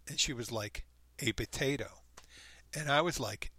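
A man reading a comic story aloud in a deadpan, playful way, acting out the quoted lines and adding his own remarks. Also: mid-range voice, normal speed, breathy edge, dry recording. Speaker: reader of online posts.

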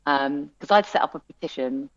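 A woman speaks in a low voice. She tells her story in a chatty, animated way, with plenty of ums and restarts. The recording is dry and slightly dull, with no room sound. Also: normal speed, no room sound. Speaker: music venue owner. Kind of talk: interview conversation.

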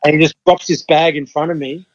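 A man's voice: fairly high pitch, steady tone, quick pace, lo-fi sound. An Australian man in his fifties from Western Australia, telling stories casually as a podcast guest, swearing freely. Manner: laid-back, swears freely, acts out his own reactions. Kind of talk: casual storytelling.

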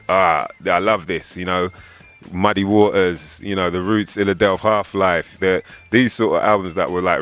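A man's voice: low-pitched, smooth. A man in his thirties with an English accent, a rapper talking casually in an interview and acting out the voices of people he quotes. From England. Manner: animated storyteller, acts out quoted voices.

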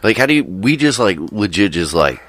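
A young man in a casual chat, excitable and whooping. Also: on the low side, fairly quick. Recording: loud background noise.

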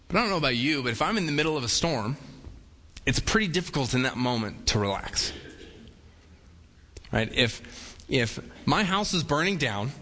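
With a voice on the high side, bright and forceful, a male pastor delivers a sermon from the pulpit. He speaks conversationally and casually, slipping into playful quoted voices, and a large church hall gives his words a long reverb.

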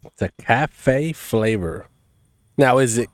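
A young man, co-hosting a casual podcast, loud and full of crude jokes. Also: mid-range voice, measured pace, no room sound, clean studio sound. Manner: animated, loud, crude joking. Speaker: podcast co-host. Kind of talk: casual chat over beers and cigars.

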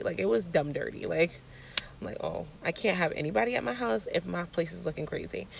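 A young woman hosting her own show, telling a casual story in a blunt, profane, animated way. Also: medium pitch, gravelly. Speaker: podcast host.

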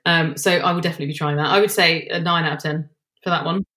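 Woman co-host, animated, laughs easily, slightly low voice. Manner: animated, quick to laugh, many fillers. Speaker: podcast co-host. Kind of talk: casual chat.

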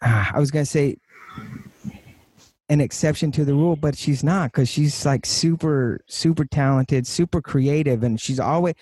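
A man hosting an interview, telling a story in a rambling way with many restarts and animated retellings. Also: fairly high pitch, moderate pace, husky, dry recording. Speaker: podcast host and interviewer. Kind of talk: casual interview chat.

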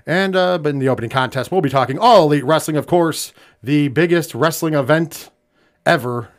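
On his wrestling podcast, an American man with a voice on the high side talks fairly quickly in loose, casual chat. He uses many fillers and quiets down during somber moments.

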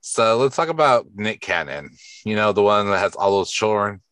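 A man's voice: lowish voice, expressive, normal speed, fairly bright tone, dry recording, poor audio. A man co-hosting a podcast, chatting casually and joking about celebrity drama with swearing. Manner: playful, profane, jokes in mock talk-show voice. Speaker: podcast co-host. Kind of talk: casual gossip chat.

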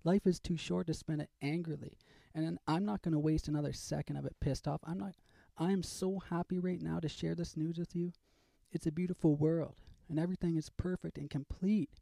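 Gravelly man ranting with fake cheer. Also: on the high side, fairly even intonation, fairly quick, few pauses, warm tone, no room sound. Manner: sarcastically cheerful, erupting into swearing. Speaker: comedy segment host. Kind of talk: comedic rant.

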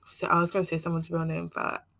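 A woman's voice: on the low side, completely flat delivery, quick pace, gravelly, fairly bright tone, dry recording. A young woman from Nigeria with a mixed Nigerian and American accent, hosting a casual solo podcast and rambling chattily with frequent laughs. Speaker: podcast host.

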